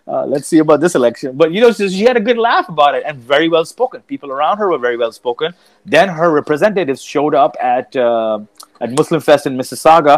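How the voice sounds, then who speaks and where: A man's voice: fairly high pitch, fast talker, no echo. A man co-hosting a podcast, telling stories in casual banter, swearing freely and acting out what people said. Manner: animated storytelling, swears freely, acts out quotes. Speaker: podcast co-host, comedian.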